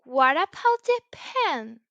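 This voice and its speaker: A woman teaching a children's English lesson in a slow, exaggerated, encouraging sing-song way, with frequent praise. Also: high voice, sing-song, fairly bright tone, dry recording, muffled recording. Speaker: English teacher for young learners.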